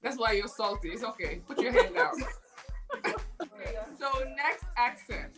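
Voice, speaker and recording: A woman's voice: fairly high pitch, animated, moderate pace, distant mic, over music. A woman co-hosting a casual chat show, playful and bossy. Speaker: co-host.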